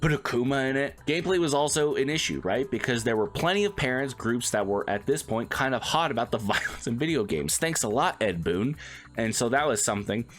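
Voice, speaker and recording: A man's voice: mid-range voice, expressive, fairly quick, a bit bright, faint music behind. A man streamer reading an article aloud, breaking off for casual asides and acting out quotes in put-on voices.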